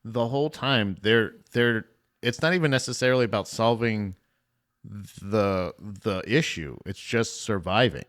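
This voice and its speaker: A man's voice: lowish voice, measured pace, a bit bright. A man co-hosting a movie podcast, chatting casually, rambling and restarting his sentences. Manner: rambling, restarts often, profane. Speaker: podcast co-host.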